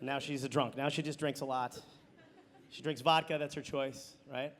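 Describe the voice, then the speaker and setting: A man's voice: medium pitch, fairly even intonation, moderate pace, fairly bright tone. A man from Wisconsin doing sardonic stand-up comedy on stage. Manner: sardonic storytelling. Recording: live club with audience laughter.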